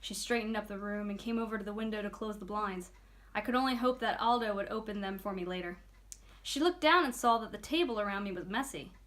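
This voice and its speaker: A woman reading a children's book aloud in a clear, expressive storytelling manner. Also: mid-range voice, fast talker. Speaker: reader.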